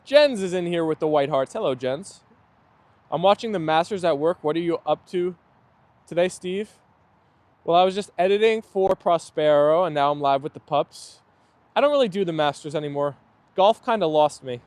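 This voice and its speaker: A man's voice: fairly high pitch, normal speed, darkish tone, no room sound. A man chatting casually with viewers on a live stream, reading out their comments and answering them. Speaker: livestream host. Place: indoor room with dogs.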